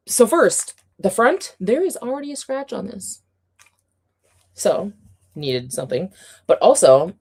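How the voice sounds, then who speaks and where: A young adult woman hosting a livestream, chatting casually and excitably with viewers, with many fillers and frequent laughter. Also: mid-range voice, vocal fry, breathy edge. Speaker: livestream host.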